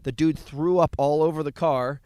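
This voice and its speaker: A man's voice: on the high side, fairly even intonation, moderate pace, a little mellow, smooth, dry recording. Man chatting casually on a podcast. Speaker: podcast guest. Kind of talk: casual chat.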